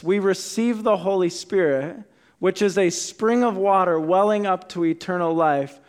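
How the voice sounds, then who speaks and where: A man preaching a sermon as a pastor, deliberate, dropping to a hushed voice on key words. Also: sits high.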